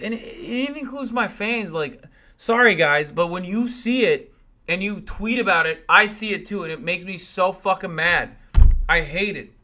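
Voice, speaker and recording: A man's voice: sits high, bright, forceful tone. A man in his thirties, a streamer, ranting angrily and profanely at critics, mocking them with sarcastic put-on voices. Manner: mocks critics in exaggerated voices. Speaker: political commentator and Twitch streamer. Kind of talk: livestream rant.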